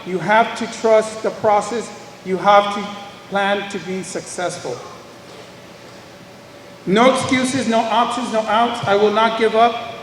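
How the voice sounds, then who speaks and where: High-pitched middle-aged guy giving a pumped-up pep talk to students, far off in a super echoey gym. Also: a little hiss or hum. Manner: emphatic, animated storytelling. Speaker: guest speaker, former teacher. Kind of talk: motivational speech to students. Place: large school hall or gym. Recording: booming echoey hall from far off.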